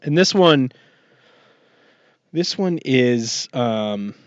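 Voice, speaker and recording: A man's voice: medium pitch, animated, very slow, dry recording. Podcast guy rambling about a trip, keeps restarting, mid voice, dry dull mic sound. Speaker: podcast co-host. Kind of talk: casual chat.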